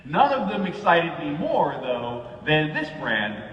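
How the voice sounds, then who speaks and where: A man's voice: on the high side, slow pace. A man giving a comic keynote talk, telling stories and acting out the people he quotes. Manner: animated, acts out quoted people. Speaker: keynote speaker. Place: large event hall. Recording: echoey hall, far from the mic, dull sound.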